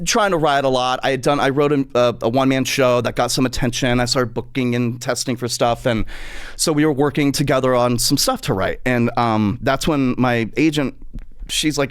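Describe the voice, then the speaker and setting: Man, middle-aged, comic podcast storyteller, animated, profane, mid pitch, dry close sound. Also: a little fast, no room sound. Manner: animated, acts out voices in quotes, profane. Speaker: podcast host.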